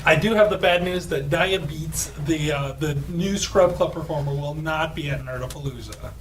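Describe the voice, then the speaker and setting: A man with a fairly high voice relays show news in relaxed, chatty podcast talk. He sits away from the microphone, and a faint hiss runs underneath. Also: normal speed. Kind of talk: casual announcement. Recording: distant mic with faint noise.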